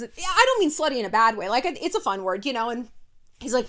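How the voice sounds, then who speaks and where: Female host, casual advice to camera, sardonic and animated, bright lively pitch. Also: fast. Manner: animated, sardonic, swears freely. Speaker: video host.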